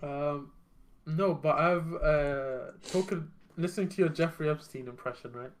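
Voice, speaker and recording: A man's voice: a little high, a little slow, a little hiss or hum. A young man co-hosting a podcast, joking and teasing in casual banter with friends. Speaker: podcast co-host.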